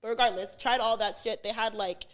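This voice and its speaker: A woman co-hosting a podcast, telling a story in casual chat, animated and swearing, acting out what others said. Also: on the high side, a little fast. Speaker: podcast co-host.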